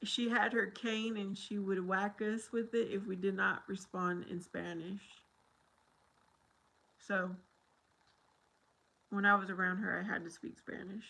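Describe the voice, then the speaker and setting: An American woman hosts a casual livestream and talks unhurriedly in a bright, clear voice. She rambles in a chatty way and laughs often as she answers her viewers. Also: medium pitch, little pitch movement, measured pace, pauses often, poor audio. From United States.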